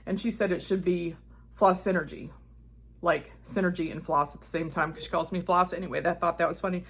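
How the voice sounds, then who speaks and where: A woman's voice: on the low side, steady tone, fairly quick, slight background noise. A woman manifestation coach talking in a casual monologue, blunt and profane, telling stories with acted-out quotes.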